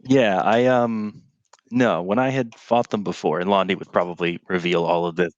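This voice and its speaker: A man speaking casually as a guest player in a tabletop game, relaxed and rambling. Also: low-pitched, normal speed, lo-fi sound.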